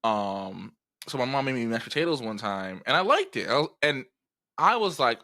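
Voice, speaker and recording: A man in his twenties telling a story in casual podcast chat, animated and profane as he acts out the people he quotes. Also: mid-range voice, normal speed. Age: 20s. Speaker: podcast co-host.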